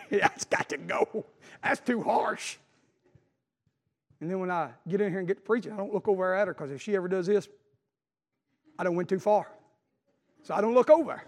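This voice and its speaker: A man preaching an impassioned sermon to a congregation, swinging between soft asides and fervent, rising exclamations. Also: high-pitched, quick pace, long pauses, big-room sound. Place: church sanctuary.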